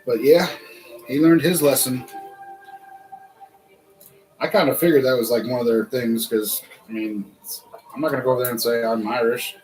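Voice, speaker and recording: American man, host, rambling casual chat, mid-pitched voice. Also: fairly even intonation, normal speed, long pauses, darkish tone, soft background music, poor audio. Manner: rambling, chatty, laughs often.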